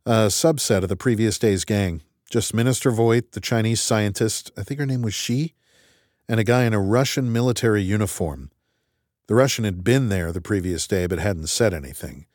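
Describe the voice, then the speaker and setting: A man's voice: fairly low pitch, darkish tone, no room sound, studio quality. Man narrating wryly in first person. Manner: wry, conversational. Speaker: audiobook narrator.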